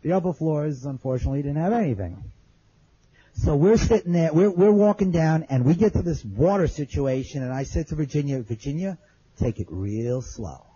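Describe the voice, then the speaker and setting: A man's voice: a little high, lively intonation, brisk, dark tone, breathy edge, highs cut off. A man telling an audience his survival story in plain, earnest words, repeating phrases as he remembers. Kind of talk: spoken testimony to an audience.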